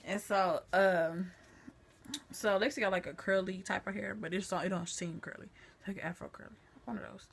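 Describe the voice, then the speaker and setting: A woman vlogger chatting to a phone camera, retelling a family story in a lively, chatty way. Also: mid-range voice, normal speed, creaky, slight background noise.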